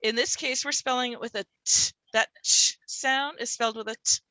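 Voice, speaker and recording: A woman giving a workshop for literacy teachers, sounding out words slowly as she demonstrates. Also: fairly high pitch, fairly even intonation, sharp tone, no echo. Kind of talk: workshop presentation.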